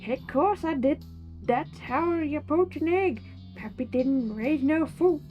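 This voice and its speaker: A stubborn old country coot who drawls and cusses whenever he is contradicted, as a woman puts him on. He sounds loud, stubborn and sure of himself. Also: sits high, slow, lo-fi sound, soft background music. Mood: indignant. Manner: folksy drawl, cussing dadgummit. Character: crotchety old country man, egg-poaching fool.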